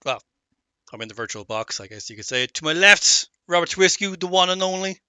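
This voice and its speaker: A man's voice: sits high, expressive, a little fast, bright, forceful tone, clear, resonant tone, no echo. A man hosting a live sim racing broadcast from home, trading jokey, upbeat banter with his co-commentators. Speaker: race broadcast host. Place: home setup on a remote call.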